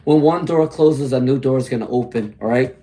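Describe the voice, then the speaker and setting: A man hoarse from laryngitis gives a chatty live-stream tarot reading, greeting viewers by name. His voice is mid-range and mellow, and he talks fairly quickly.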